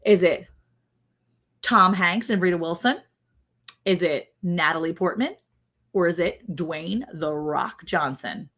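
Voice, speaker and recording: A woman's voice: lowish voice, takes it slowly, pauses often, fairly bright tone. A woman hosting a casual livestream, quizzing her co-host and reading viewer comments aloud. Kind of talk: casual chat, running a guessing game.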